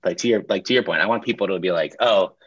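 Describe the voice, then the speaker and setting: A laid-back man with a very low voice tells his story in relaxed, casual chat. He swears freely and acts out what people said. The recording sounds a little dull and lo-fi. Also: quick pace, dry recording. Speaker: pizzeria owner.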